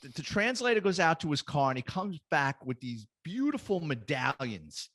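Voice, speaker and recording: A middle-aged man, a retired police detective, telling lively, profane anecdotes as a guest in a casual chat. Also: a little high, moderate pace, no echo.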